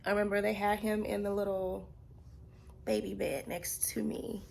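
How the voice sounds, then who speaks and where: Young woman vlogger, earnest storytime delivery, heavy vocal fry, faint hiss under the voice. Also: medium pitch, flat delivery, darkish tone. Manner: earnest, halting, repeats herself. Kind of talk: personal storytime.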